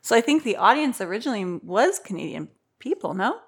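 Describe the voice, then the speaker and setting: A woman's voice: a little high, sing-song, husky. Woman hosting, laying out the rules. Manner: organized, lays out rules, quick asides. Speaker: podcast host. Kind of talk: casual chat.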